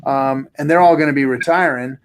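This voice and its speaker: A man co-hosting a casual live online show, talking in an animated, emphatic way and swearing freely. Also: mid-range voice, fairly quick, slight background noise. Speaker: podcast co-host. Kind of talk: casual chat.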